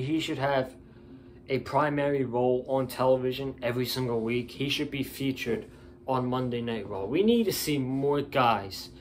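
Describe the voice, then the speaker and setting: A man's voice: mid-range voice, slight background noise. A tired man giving a casual, opinionated wrestling show review, blunt and ranting.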